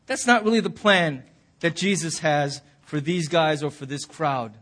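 A male pastor preaching a sermon in his church. He tells the story in an animated way and acts out the people he quotes. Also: fairly high pitch, unhurried. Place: church sanctuary.

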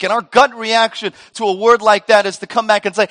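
A man's voice: high-pitched, brisk, few pauses. A male pastor preaching a sermon, telling stories and acting out quoted voices along the way. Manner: animated storytelling, acts out voices in a joke.

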